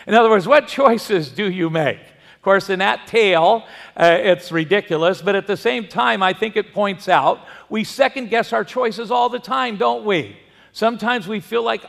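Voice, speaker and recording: High, gravelly-voiced preacher in a reverberant hall. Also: male voice, normal speed, fairly bright tone. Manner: folksy storyteller, asks the congregation questions. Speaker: pastor. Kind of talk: sermon with storytelling.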